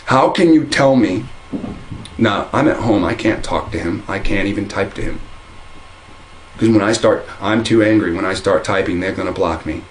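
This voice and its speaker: Speaking to camera from inside his home, a man who comments on religion in videos delivers a heated, meandering monologue full of restarts and repeated phrases. His voice is low and fairly even at normal speed, and the rough recording carries a little hiss or hum.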